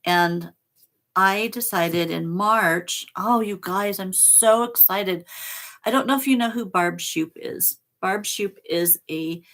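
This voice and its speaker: A middle-aged woman hosting a casual spiritual vlog. She speaks very slowly, in a lowish voice with a gravelly edge, pausing often as she talks softly. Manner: slow, soft and emotional, reads aloud with pauses. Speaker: channel host reading oracle cards.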